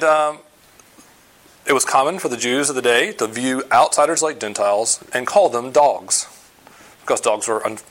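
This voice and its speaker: A man delivers a sermon at a mid pitch that sits right in the middle for men. He talks it through conversationally and stops on fillers as he explains scripture. He leans hard on his main points. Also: fairly bright tone. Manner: conversational preaching with frequent fillers. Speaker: pastor.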